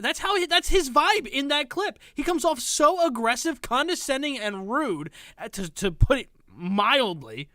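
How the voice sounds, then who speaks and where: A woman's voice: sits high, expressive, a little slow, pushed and bright, dry recording, studio quality. A woman streaming, reacting to a clip in a sarcastic, exasperated, mocking way. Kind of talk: casual reaction commentary.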